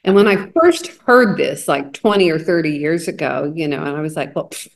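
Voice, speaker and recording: A middle-aged woman co-hosting a casual chat, sharing lively anecdotes. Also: low voice, normal speed. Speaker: co-host.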